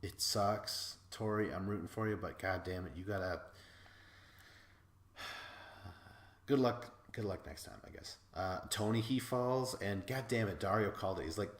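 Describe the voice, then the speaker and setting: Excitable swearing man, echoey room. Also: on the low side, a little slow. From Wisconsin. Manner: excitable, swears freely, laughs while talking. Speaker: podcast host. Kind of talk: casual recap commentary.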